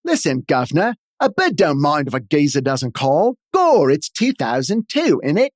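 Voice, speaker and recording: A brash, chummy therapist in a broad put-on Cockney accent, as a man hams it up, tossing out slang with a jaunty bounce. The voice sits higher than his usual and swings up and down. It is a playful send-up inside a comic story. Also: wildly swooping pitch, normal speed, dry recording, clean studio sound. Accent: put-on Cockney British.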